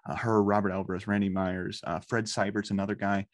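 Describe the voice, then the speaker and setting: Podcast host, thirties, male; casual and profane, lively anecdotes, slightly low voice, dry recording. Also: brisk, no echo. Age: 30s. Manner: profane, animated storytelling. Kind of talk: casual chat.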